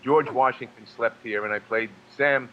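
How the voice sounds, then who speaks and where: Low-voiced man from New York, halting delivery. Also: steady tone, highs cut off, slight background noise. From New York, USA. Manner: halting, restarts with many fillers and repeated words. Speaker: guest, actor and singer. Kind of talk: casual storytelling interview.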